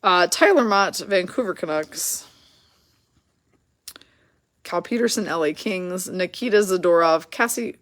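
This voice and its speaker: A woman's voice: on the low side, animated, unhurried, long pauses. A woman hosting a live card break, rattling off names and teams in a chatty way and laughing at her own slips.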